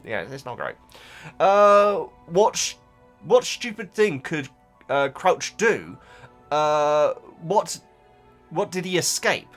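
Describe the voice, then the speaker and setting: Rambling, stammering man, slightly high voice. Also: big pitch swings, slow pace, long pauses, a bit bright, faint music behind. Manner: rambling, frequent stammered restarts. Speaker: YouTuber reacting to book comments. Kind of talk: casual chat reading viewer comments.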